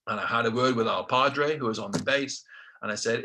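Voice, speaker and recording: A man's voice: mid-range voice, fairly quick, bright, forceful tone. A middle-aged man with a British accent telling his own story casually, acting out quotes with self-deprecating asides. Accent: British English.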